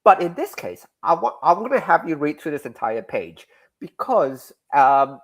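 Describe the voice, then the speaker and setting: A man who creates comics, explaining in a casual interview in an animated, rambling and self-deprecating way. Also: fairly high pitch, moderate pace.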